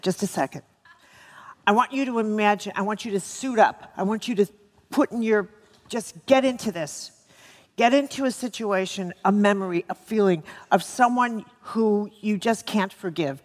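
A woman giving a live talk on healing to an audience, joking with them and repeating words for emphasis. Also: mid-range voice. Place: lecture hall with an audience. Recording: long reverb of a lecture hall.

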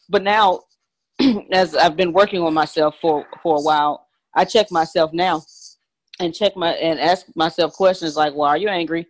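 A woman's voice: lowish voice, moderate pace, poor audio. A woman in a coaching group earnestly recounting her reflections, with hesitant restarts. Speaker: coaching client. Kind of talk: sharing a personal story.

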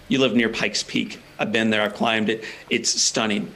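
Emphatic male author, mid-low voice. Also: little pitch movement, brisk, hardly any pauses, bright, forceful tone. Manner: emphatic, rhetorical repetition. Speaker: guest author. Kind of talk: earnest interview answers.

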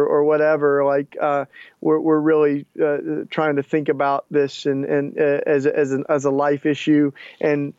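A man's voice: on the high side, darkish tone, no echo, dull audio. A man, an author and activist, explaining earnestly in a played interview clip, with many restarts and fillers.

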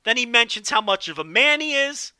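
Animated, bright-voiced podcast host. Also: male voice, very high voice, brisk, smooth, dry recording, studio quality. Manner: animated, profane, joking. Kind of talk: solo wrestling podcast commentary.

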